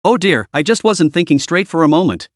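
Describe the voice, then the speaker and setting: A man voicing a proud, excitable middle-aged mother in a story read. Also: on the high side, a little fast, dry recording, clean studio sound. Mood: fond. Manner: warm, flustered, proud.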